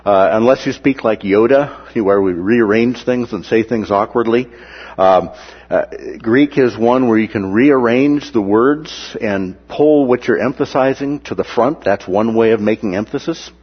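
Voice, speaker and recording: A man's voice: mid-range voice, a little slow, breathy edge, big-room sound, highs cut off. A man teaching through a Bible passage in a conversational way, with many "uh" and "right?" asides, sometimes acting out the quoted voices.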